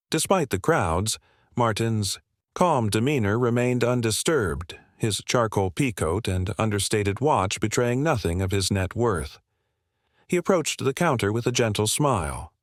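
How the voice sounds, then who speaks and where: Male narrator, low voice, dry close sound, measured scripted storytelling. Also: dry recording.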